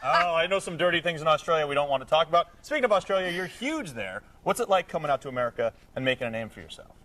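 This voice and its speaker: A man's voice: a little high, recorded from a distance. A man hosting a TV talk show, joking his way through an interview with a guest. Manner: quick, joking, animated. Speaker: TV show host.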